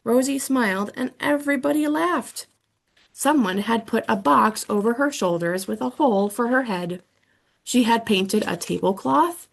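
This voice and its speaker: Slow, gravelly woman reading a children's book. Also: a little high. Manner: expressive storytelling, first person. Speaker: audiobook reader.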